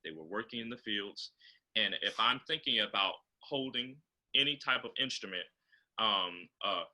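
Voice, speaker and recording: A man with a low voice and a very bright, forceful tone talks over a video call. He explains choir technique in an instructive way, with many ums and uhs. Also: poor audio. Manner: explains choral diction, often pausing on fillers. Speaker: composer and choral director guest.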